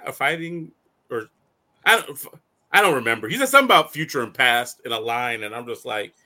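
A man co-hosting a fan talk show in casual chat, animated and rambling, with many restarts and frequent laughs. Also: on the high side. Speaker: co-host of a call-in fan show.

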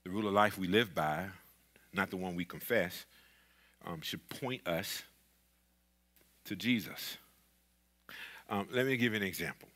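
A man's voice: low-pitched, a little slow, long pauses, bright, forceful tone. A male pastor giving a conversational sermon in a church, mixing candid asides and humor into his preaching. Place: church sanctuary.

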